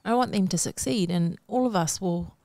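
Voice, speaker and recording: A woman's voice: on the low side, normal speed, mellow, dry recording, studio quality. A middle-aged woman, co-hosting a casual chat, reflective and using casual slang. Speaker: podcast co-host.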